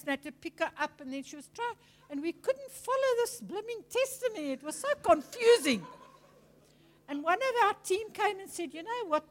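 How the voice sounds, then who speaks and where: A woman preacher with a high voice. She teaches in a chatty, storytelling way. She mimics the people she talks about. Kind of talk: teaching sermon.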